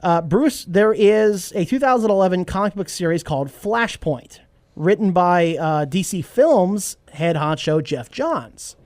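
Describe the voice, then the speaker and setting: A man hosting a podcast in casual chat, animated and joking, reading an ad read along the way. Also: high voice, unhurried, dry recording. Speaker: podcast host.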